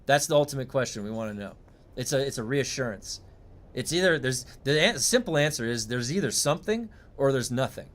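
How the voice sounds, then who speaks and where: Medium in pitch and a touch bright, this man's voice drifts through curious, meandering thoughts as he streams games. He speaks into a desk mic in a relaxed livestream chat and drops the occasional swear word.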